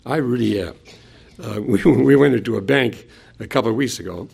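A man's voice: medium pitch, moderate pace, gravelly, a little mellow, slightly rough. An older man preaching a sermon, earnest, leaning hard on key words and quoting scripture. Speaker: pastor.

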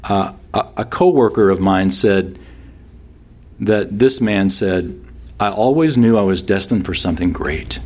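A man's voice: lowish voice, unhurried, a little mellow. A man preaching a sermon in a conversational way that rises to emphatic peaks. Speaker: pastor.

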